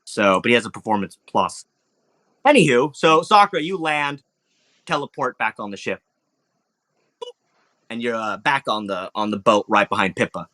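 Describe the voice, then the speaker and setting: A man narrating as game master, animated, with sound effects and lots of fillers. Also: on the low side, normal speed, pauses often.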